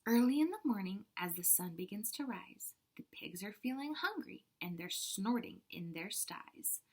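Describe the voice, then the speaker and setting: A woman kindergarten teacher reading a picture book aloud to children, animated with soft-spoken asides. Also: medium pitch, normal speed, breathy edge.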